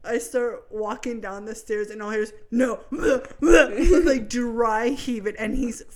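A woman's voice: a little high, unhurried. A young woman, a podcast co-host and new mother, telling a story in casual chat and laughing a lot as she goes.

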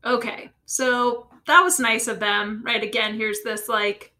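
A woman's voice: on the high side, fairly even intonation, measured pace, bright, forceful tone. A woman hosting a podcast, chatty and thinking aloud as she asks her guest questions. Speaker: podcast host. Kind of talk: casual interview.

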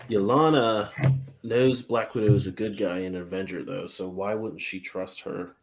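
A man hosts a casual chat show and walks through a film recap from his notes. His voice sits a little low, and he leans on sarcasm and blunt swearing. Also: fairly even intonation, moderate pace, slight background noise. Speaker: podcast host.

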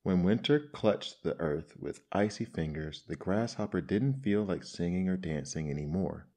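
A man reading fables aloud in a measured, expressive storybook style. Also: deep voice.

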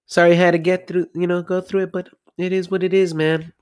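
A man's voice: sits high, level tone, a little fast, darkish tone, clear, resonant tone, voice pushed up, close to an everyday voice. A man voicing a laid-back male snack bar owner who reassures a friend in an easygoing way. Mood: consoling.

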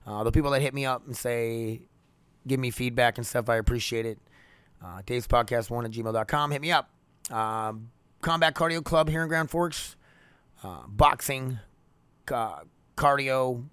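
Speaking at a normal pace, this young podcast host has a mid-range, fairly bright and clean voice with no echo. He talks alone into a podcast mic at home by the laundry room, candid, rambling and full of swearing.

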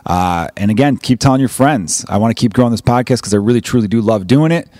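A man's voice: mid-range voice, fast, a little mellow, no room sound, clean studio sound. A man from the United States with a Chicago accent, hosting a podcast in a rambling, profane, joking way. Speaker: podcast host. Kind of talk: casual podcast chat.

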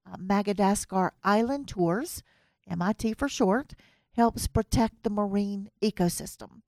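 A woman's voice: medium pitch, unhurried, darkish tone, no echo, clean studio sound. A woman with a US Southern accent hosting an interview over a video call. She reads prepared remarks in a friendly way.

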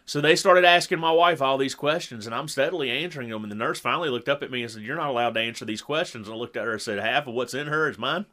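A middle-aged man telling a long story in casual chat, animated and acting out what people said. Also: medium pitch, quick pace, few pauses. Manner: animated storyteller who acts out quotes. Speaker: podcast co-host.

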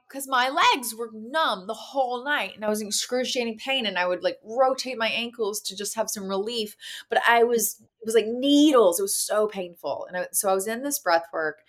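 Expressive woman telling a personal story. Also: mid-range voice. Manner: vivid, emotional, acts out quoted voices. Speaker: podcast guest, actor and activist.

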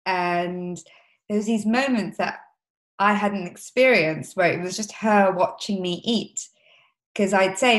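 Woman host, soft and emotional, kinda echoey room sound. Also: mid-range voice, measured pace. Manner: gentle, emotional, empathetic. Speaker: podcast host. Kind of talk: casual interview. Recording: roomy echo.

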